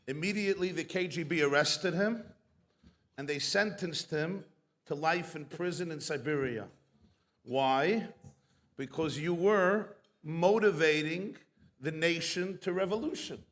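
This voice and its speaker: A man's voice: on the high side, fairly bright tone. A man who is a rabbi, giving a keynote speech full of jokes and stories. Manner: storytelling with jokes, unhurried.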